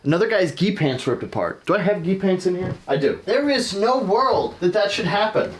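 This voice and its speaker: Animated, jokey male reaction host. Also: sits high, moderate pace, hardly any pauses. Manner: animated, jokey, jumps into shouted bits and mock voices. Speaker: host reacting to online stories. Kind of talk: casual reaction commentary.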